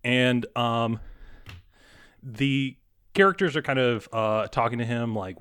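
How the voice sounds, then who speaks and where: A man narrating a tabletop horror game as game master, halting with many pauses and restarts. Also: medium pitch, fairly bright tone, clean tone.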